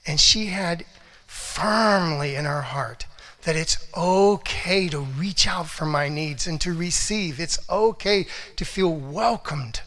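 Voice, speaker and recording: A middle-aged man giving a motivational talk as a relationship coach, animated storytelling that acts out quotes and swings from hushed to loud. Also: high-pitched, slow pace.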